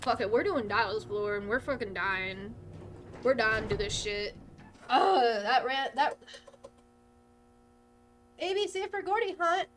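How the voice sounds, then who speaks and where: A woman's voice: sits high, animated, slow, pauses often, a bit bright, soft background music. A young woman streaming a game live, talking to chat while she plays, exclaiming, swearing and ranting about her teammates. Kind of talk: live gameplay commentary.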